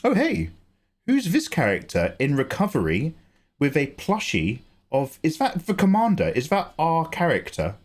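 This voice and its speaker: English male streamer, chatty and loose, pitch bouncing all over; casual host talk. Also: moderate pace. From England. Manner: chatty, animated, swears and laughs easily. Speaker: livestream host. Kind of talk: casual livestream chat.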